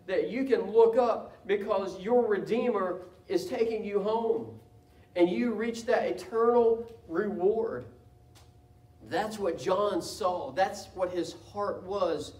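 A man preaching a sermon as pastor, impassioned, his delivery swelling into loud cries. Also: high voice. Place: church sanctuary. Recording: echoey church room from a distance.

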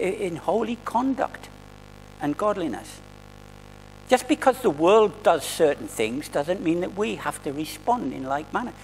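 High, gravelly-voiced male preacher. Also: long reverb tail, poor audio. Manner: earnest, conversational preaching with restarts. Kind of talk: sermon. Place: church hall.

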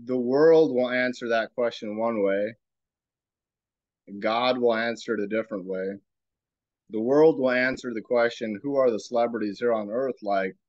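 A man hosting a podcast, giving a reflective spiritual talk in a slow, musing way and asking himself rhetorical questions. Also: medium pitch, darkish tone, no echo, highs cut off. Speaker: podcast host.

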